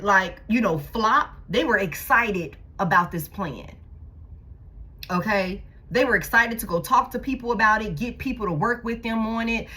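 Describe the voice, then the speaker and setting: A woman's voice: medium pitch, a bit bright, breathy edge. A woman giving a casual tarot reading, blunt and profane, repeating herself for emphasis. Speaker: tarot reader.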